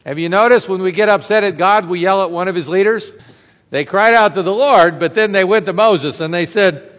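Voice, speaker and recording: A man's voice: high-pitched, a little fast, a bit bright. A man preaching a sermon as a pastor, retelling a story in a conversational way and throwing rhetorical questions to the congregation. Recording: reverberant hall sound.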